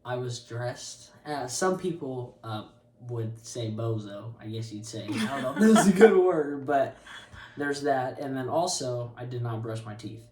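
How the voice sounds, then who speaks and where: A young man in his twenties telling a story to camera in a casual, animated, self-mocking way, laughing often. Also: mid-range voice, measured pace. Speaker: co-host of a couple's channel. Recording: roomy sound, mic a bit far.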